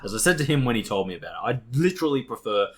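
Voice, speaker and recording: Man, podcast co-host, lively swings in pitch, swears freely, playful self-mockery. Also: very fast. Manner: animated, swears a lot, acts out exasperated self-talk. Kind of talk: casual chat.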